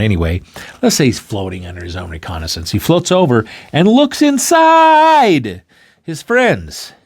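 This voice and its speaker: A man hosting a talk, explaining an idea through an animated story and acting out the characters in quick bursts. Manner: excitable, acts out characters with sudden pitch jumps. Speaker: podcast host.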